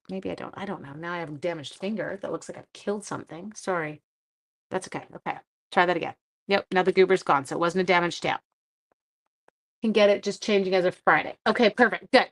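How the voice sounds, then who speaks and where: Chatty woman hosting a live craft tutorial. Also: mid-range voice. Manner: chatty and self-deprecating, answering live comments aloud. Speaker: papercraft demonstrator hosting a livestream.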